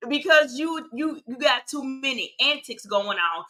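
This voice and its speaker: A woman co-hosting a casual gossip chat about a reality show, animated and opinionated, laughing often. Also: high-pitched, measured pace.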